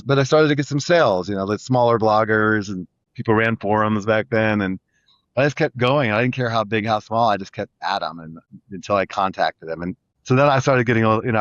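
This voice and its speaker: A middle-aged man speaks quickly in a lowish voice, piling up restarts as he rambles through his story. The sound is dry and slightly dull, with no room echo. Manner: rambling, energetic, full of restarts. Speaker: guest entrepreneur. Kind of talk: casual storytelling interview.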